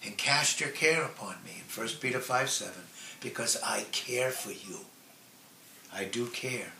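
Slow, earnest male preacher in echoey room. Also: mid-range voice, vocal fry. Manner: slow, earnest, drawn-out emphasis with soft trailing phrase endings. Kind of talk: sermon. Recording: echoey room with faint ambient noise.

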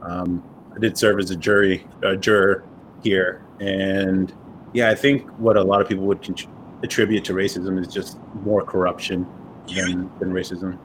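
A man's voice: low voice, level tone, moderate pace, a little hiss or hum. A man hosting a podcast, telling stories in a loose, rambling, profane way with lots of fillers. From upstate New York. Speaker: podcast host. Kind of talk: casual chat.

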